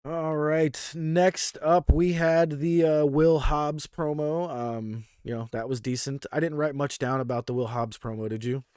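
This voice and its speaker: A man's voice: a little high, a little slow, hardly any pauses, clean tone, no room sound. Casual male podcast co-host, dry sound. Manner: excited play-by-play recap, casual slang. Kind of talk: casual wrestling review chat.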